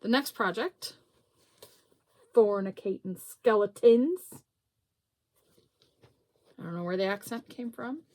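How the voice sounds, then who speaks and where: A woman's voice: a little high, animated, a little fast, hardly any pauses. A middle-aged woman hosting a knitting podcast, chatting casually and laughing at herself as she shows her projects. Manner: chatty, self-deprecating, laughs often. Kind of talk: casual show-and-tell chat.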